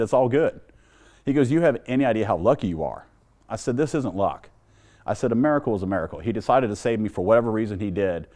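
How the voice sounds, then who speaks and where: Blunt low-voiced man telling his story. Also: a little mellow. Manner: blunt, humorous, quotes dialogue in retelling. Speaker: testimony speaker. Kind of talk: personal testimony storytelling.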